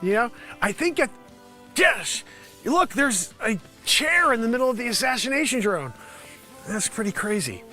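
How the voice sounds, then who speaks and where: A man plays a roving news reporter in a comedy vlog, rambling along in a mock-serious deadpan. His voice sits high and bright. Faint music plays behind him. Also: normal speed.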